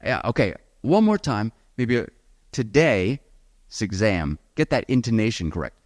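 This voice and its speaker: A man teaching a live seminar on the speaking exam, lively and encouraging, talking straight to his audience. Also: fairly low pitch, measured pace, no room sound, studio quality. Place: event hall with audience.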